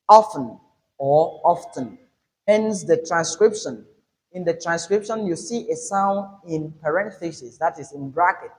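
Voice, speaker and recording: A man teaching English word stress, speaking slowly and deliberately. His voice sits a little high for a man, and he says each example word on its own with clear emphasis. It sounds like a patient classroom lesson. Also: low-quality recording. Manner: emphatic, drills words aloud one by one. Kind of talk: slow, deliberate pronunciation lesson.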